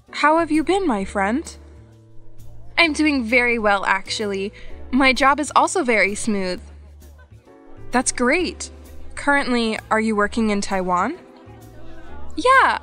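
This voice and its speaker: Casting: woman, fairly high voice, slow scripted reading of learner dialogues. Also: a bit bright. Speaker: English lesson narrator.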